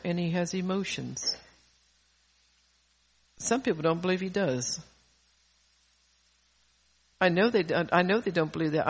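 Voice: mid-range voice, breathy edge. A preacher and parent giving a sermon, reading psalms aloud in an earnest voice that swells in force on key lines and often stumbles and restarts mid-phrase. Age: adult parent.

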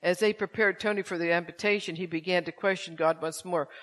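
A man preaches with a slightly high voice. He reads a story aloud, then turns to his listeners with pointed rhetorical questions about forgiveness. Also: fairly even intonation, brisk, a bit bright. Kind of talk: sermon with story reading.

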